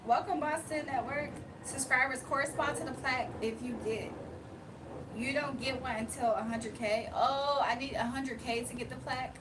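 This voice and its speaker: Chatty high-voiced woman streamer. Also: steady tone, normal speed, recorded from a distance, noisy background. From Virginia, USA. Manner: chatty, laughs often, reads chat aloud. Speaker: livestream host. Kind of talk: casual livestream chat reading comments.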